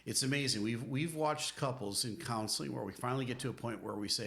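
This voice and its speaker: A man's voice: mid-range voice, fast, vocal fry, hardly any pauses, fairly bright tone, a little hiss or hum. A middle-aged man co-hosting a podcast, giving earnest, emphatic, preacherly advice as a marriage counselor. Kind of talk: conversational podcast teaching.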